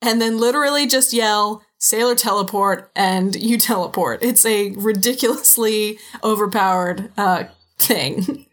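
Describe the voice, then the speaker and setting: A woman's voice: mid-range voice, measured pace. A woman hosting a podcast and narrating as game master, giggly and chatty.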